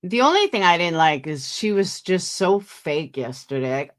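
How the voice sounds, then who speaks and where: Tired woman livestream host, lower voice, gossipy, chats with her chat. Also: very animated, moderate pace. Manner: chatty, gossipy, reads out viewer names. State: tired, yawning. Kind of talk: casual chat with live viewers.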